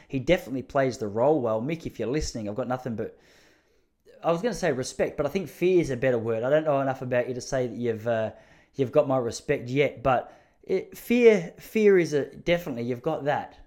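An Australian man telling funny stories in a loose, meandering way, often poking fun at himself. His voice sits at an ordinary mid pitch. He sounds casual and chatty, like he is talking to listeners on a podcast. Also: quick pace, darkish tone. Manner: rambling, self-mocking, chatty. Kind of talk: casual comic storytelling monologue.

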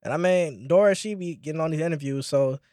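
A man's voice: a little high, fast talker, dark tone, dry recording, studio quality. Laid-back man on a sports podcast. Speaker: podcast co-host. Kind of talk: casual sports chat.

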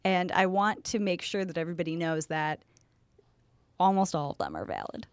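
A woman's voice: on the low side, sing-song, normal speed, clear, resonant tone, no room sound. A woman with a Chicago accent, co-hosting a podcast in playful casual chat and laughing often. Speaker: podcast co-host.

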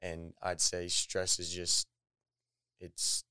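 A shy young man answers a podcast interview in a very low, smooth voice. He talks hesitantly and keeps his answers short, and the sound is dry and close. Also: monotone, slow, sharp tone, no echo. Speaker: podcast guest. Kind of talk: casual interview.

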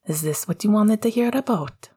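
A woman's voice: medium pitch, expressive, normal speed, mellow, breathy edge. A woman voicing a bitter teenage boy wizard in a fan fiction audiobook reading, cold and clipped. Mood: cutting.

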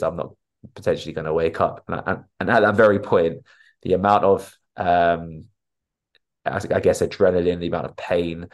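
Deep-voiced man telling his story. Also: darkish tone. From North London. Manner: candid, vivid retelling, acts out quoted dialogue. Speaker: podcast guest, coach. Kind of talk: casual interview storytelling.

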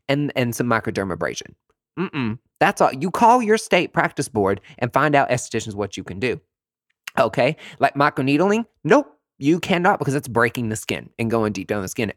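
A man's voice: medium pitch, dry recording, clean studio sound. A man who works as a nurse injector, ranting to camera in a sassy, profane, dramatic way.

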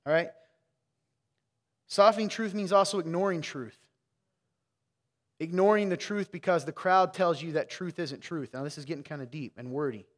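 A man's voice: on the high side, normal speed, pauses often, in a large hall. A man preaching a sermon as pastor, frank and joking, talking to his congregation in a conversational way. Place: church sanctuary.

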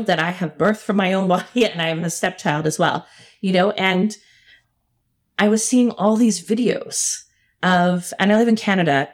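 A middle-aged woman telling a personal story as a podcast guest, earnest and emphatic with frequent laughs. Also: fairly low pitch.

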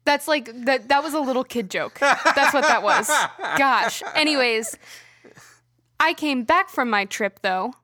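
A woman's voice: high voice, expressive, a little slow, bright, forceful tone, no echo, studio quality. A woman co-hosting a comedy podcast, chatting casually and teasing with frequent laughs. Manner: playful, teasing, laughs often. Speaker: podcast co-host.

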